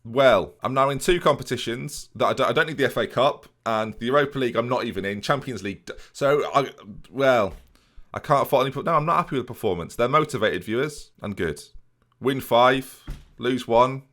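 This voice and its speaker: A man's voice: medium pitch, a little fast, fairly bright tone. A young man commentating his football management game in a chatty, self-mocking way, talking straight to his viewers. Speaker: gaming YouTuber.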